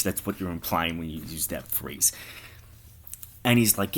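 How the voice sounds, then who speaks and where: A man's voice: low voice, normal speed. A man improvising a crude comic story, rambling and stammering as he goes. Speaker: comedy storyteller.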